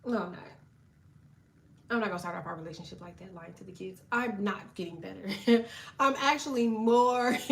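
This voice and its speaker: A woman tarot reader chatting on a live stream, cursing freely, laughing often and talking back to viewers in the chat. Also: on the high side. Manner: profane, animated, laughing, reads chat aloud.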